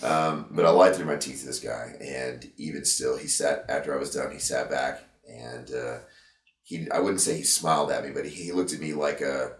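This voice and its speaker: A man being interviewed about his past, talking in a halting, reflective way with many fillers and restarts, emotional at times. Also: extremely low pitch, steady tone, roomy sound, recorded from a distance. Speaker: interview guest, veteran and gym owner. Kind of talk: candid interview conversation.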